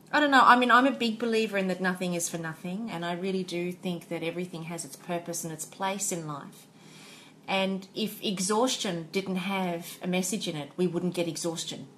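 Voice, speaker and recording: A woman's voice: medium pitch, a bit bright, slight background noise. A woman co-hosting a podcast, speaking earnestly and searching for words as she reflects. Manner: earnest, searching, repeats phrases. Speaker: podcast co-host. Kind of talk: casual reflective chat.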